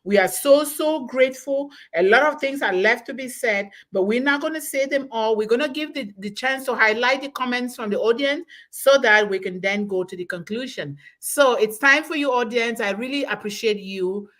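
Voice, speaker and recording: A woman in her forties hosting a live online webinar, thanking people and reading out audience comments slowly and effusively over a computer mic. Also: a little high, fairly bright tone.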